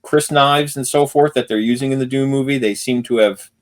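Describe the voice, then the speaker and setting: Male podcast co-host, mid pitch, patient and measured in banter. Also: steady tone. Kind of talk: casual chat.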